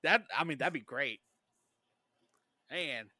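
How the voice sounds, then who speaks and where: Bright, excitable male podcast host. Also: a little high, no echo, studio quality. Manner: excitable, laughs easily, halting questions. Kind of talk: casual podcast chat.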